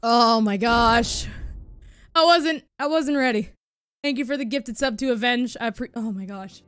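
A woman streaming a video game live, excitable and giggly as she thinks aloud. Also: fairly high pitch, measured pace, clean tone. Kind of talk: live gaming stream chat. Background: game music.

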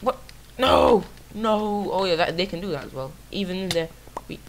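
Woman, low pitch, rough voice, chatty gameplay commentary, self-mocking, noisy recording. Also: fast. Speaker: gamer.

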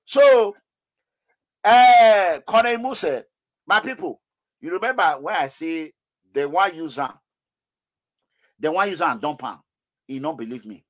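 A man with a Nigerian accent hosting a political call-in show, talking excitedly and slipping into Pidgin. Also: a little high, a little slow, pauses often. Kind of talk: animated political commentary with callers.

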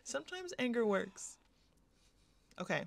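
A woman's voice: fairly high pitch, big pitch swings, measured pace, vocal fry, a crowd in the background. A young woman giving casual, chatty commentary on her own game play, often laughing and gasping as she goes. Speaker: gaming youtuber.

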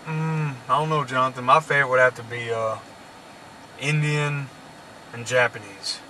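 This man hosts a vlog from inside a car driving through town, and road noise from the moving vehicle is audible. He has a Mississippi Southern accent and a mid-range voice, keeping a steady, sharp tone at a moderate pace. His talk is chatty, joking and folksy.

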